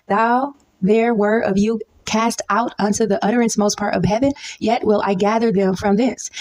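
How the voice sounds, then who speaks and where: A young woman with a Southern accent, giving an informal Bible teaching. She often asks "okay?" and jumps high in pitch when she stresses a point. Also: vocal fry, darkish tone. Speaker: preacher.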